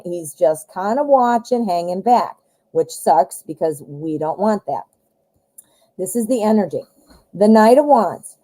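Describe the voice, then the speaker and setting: A woman reads tarot cards live for her viewers. Her voice is mellow and warm, and she talks in a chatty, expressive way, addressing the viewer as honey. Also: medium pitch, poor audio. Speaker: tarot reader.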